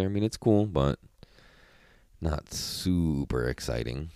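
A man's voice: extremely low pitch, very animated, takes it slowly, vocal fry, long pauses, mellow, no echo, studio quality. A man hosting a solo podcast, rambling casually with constant profanity. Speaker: podcast host.

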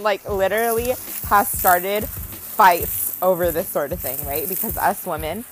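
In a casual to-camera vlog, a young adult woman tells stories in a dramatic, animated way, acting out quotes. She has a fairly low voice and a measured pace, captured on a low-quality recording.

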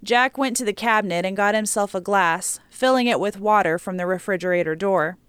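Smooth-voiced woman narrating an audiobook. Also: medium pitch, fairly quick, fairly bright tone, no echo.

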